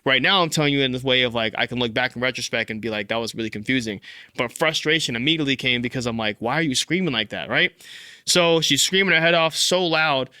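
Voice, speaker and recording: Bright-voiced young man telling a story. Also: medium pitch, quick pace, clean tone, no echo, studio quality. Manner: animated, filler-heavy, says "like" and "bro" often. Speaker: podcast host. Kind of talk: casual storytelling advice.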